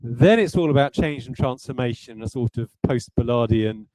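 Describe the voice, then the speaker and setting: In a rough recording, a man with a mid-range, dark-toned voice speaks at a moderate pace. He's a game designer on a livestream, talking through design ideas in a rambling, self-deprecating way, hesitating often.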